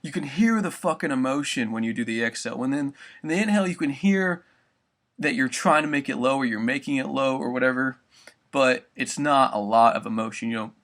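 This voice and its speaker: A young man explains a vocal technique in a loose, rambling way, dropping swear words as he goes. His voice is bright and forward, sitting at an ordinary pitch for a man. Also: brisk. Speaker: vocal tutor. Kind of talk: casual spoken tutorial.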